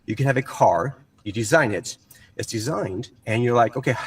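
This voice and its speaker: A man speaking in a played clip, rambling and halting with lots of ums. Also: mid-range voice, lively intonation, slightly rough, recorded from a distance. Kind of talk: rambling talk.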